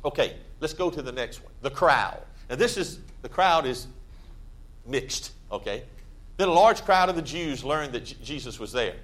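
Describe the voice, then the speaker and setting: A man preaching a sermon in a church, conversational and plain-spoken, with sudden loud emphatic bursts. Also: medium pitch, lively intonation, normal speed. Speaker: pastor.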